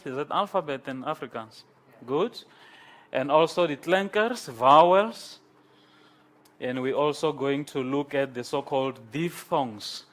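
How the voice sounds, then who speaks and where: A man teaches a university class in a lecture room, talking slowly and deliberately. His voice sits a little higher than most men's, and he keeps repeating key terms and checking in with questions. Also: fairly bright tone. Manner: slow, repetitive, switches between English and Afrikaans, asks the class questions.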